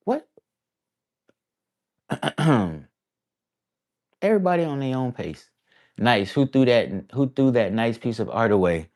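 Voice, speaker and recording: Very animated yet slow, with frequent pauses, this medium-pitched man has a darkish tone. He's an artist vlogger from the US East Coast chatting to camera in a wandering, thoughtful way, full of slang like "bruh" and "y'all."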